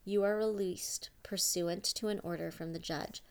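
A woman voicing a calm, protective female lawyer who speaks firmly and measuredly. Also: on the low side, lightly acted. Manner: firm, measured, urgent.

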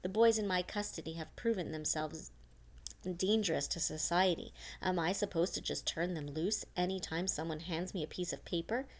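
A woman's voice: lowish voice, moderate pace. A woman reading the lines of a stern female camp warden who defends herself coolly. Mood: cold. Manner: cool, self-justifying, lying.

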